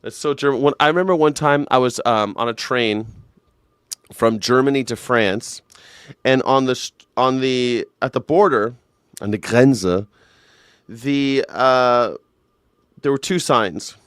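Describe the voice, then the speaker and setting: A man's voice: medium pitch, measured pace, long pauses, smooth, dry recording, clean studio sound. A middle-aged man hosting a live news reaction stream, chatting casually and rambling with frequent laughs. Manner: rambling, jokey, laughs often, bursts into shouted mock voices. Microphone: desk mic.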